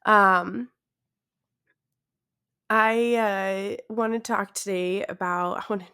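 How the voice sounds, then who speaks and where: Slow-talking tired woman podcast host. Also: medium pitch, fairly even intonation, pushed and bright, clean tone. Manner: awkward, self-deprecating, laughs often. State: tired, yawning. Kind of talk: casual solo podcast chat.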